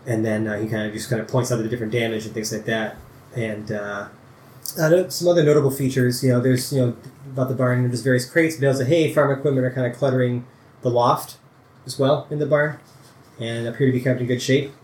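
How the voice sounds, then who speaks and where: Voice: medium pitch, fairly even intonation, a little fast, darkish tone, a little hiss or hum. A game master narrating a tabletop game in a loose style full of fillers. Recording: echoey room.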